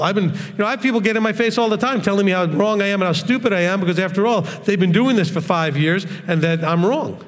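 A man's voice: sits high, in a large hall. A man preaching in a blunt, straightforward way on a live stream, often mocking other voices. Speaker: religious teacher.

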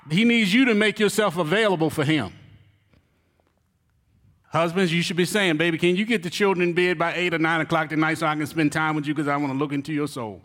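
A man, a church elder, giving a joking, animated sermon on marriage to his congregation. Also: on the high side. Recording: reverberant hall.

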